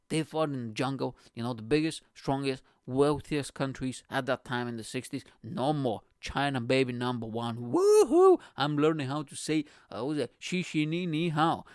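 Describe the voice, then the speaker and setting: A man's voice: mid-range voice, no room sound. Profane rambling male podcast host, dry sound. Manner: profane, joking, rambling tangents. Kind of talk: casual solo podcast rambling.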